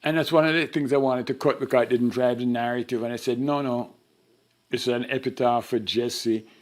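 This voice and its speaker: Older man telling lively anecdotes. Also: mid-range voice, a little fast. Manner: animated storyteller who acts out the voices in his anecdotes. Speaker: interviewee. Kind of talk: storytelling interview.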